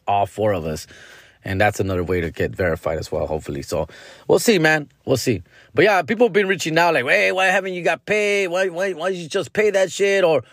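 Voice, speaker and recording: A man's voice: mid-range voice, no room sound, clean studio sound. A man hosting his own podcast in a loose, casual monologue, full of slang and profanity, calling listeners dog and fool and dropping bits of Spanish slang. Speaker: podcast host.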